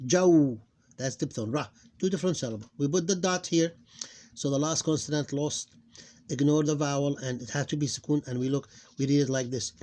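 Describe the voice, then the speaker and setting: A man teaching a phonics lesson, slowly repeating each syllable and stressing it loudly. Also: a little high. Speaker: Arabic teacher.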